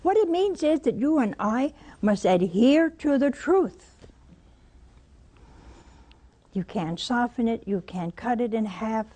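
Animated woman preaching a sermon. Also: a little high, takes it slowly, pauses often. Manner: storytelling with rhetorical questions to listeners.

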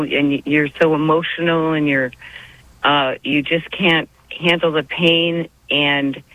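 A woman with a deep voice calls in to a radio show over a muffled, dry phone line with no echo. She speaks in a heartfelt, tearful, rambling way.

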